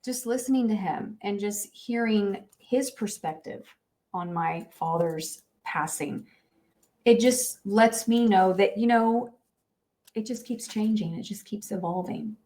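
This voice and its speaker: A middle-aged woman co-hosting a podcast tells a personal story candidly and conversationally, emotional and earnest, with lots of filler words. Her voice is medium in pitch, mellow and unhurried.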